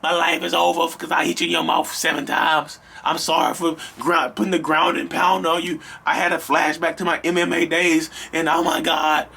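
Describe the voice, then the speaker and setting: A man voicing an abusive man who begs his partner to drop charges, pleading in a drawn-out, exaggerated, self-pitying way. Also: on the high side, flat delivery, creaky, bright, forceful tone, slightly rough, full character voice.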